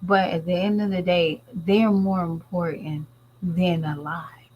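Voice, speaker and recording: A woman with a lowish voice talks straight to her viewers in loose, rambling commentary. She is blunt and chatty, with plenty of asides. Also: fairly even intonation, unhurried, dull audio. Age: adult parent. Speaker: vlogger talking to viewers. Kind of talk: casual commentary chat.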